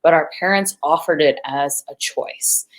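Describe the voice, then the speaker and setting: A woman's voice: low voice, a little slow, poor audio. A woman from the United States, a guest actress in a video-call interview, talking enthusiastically and rambling a little.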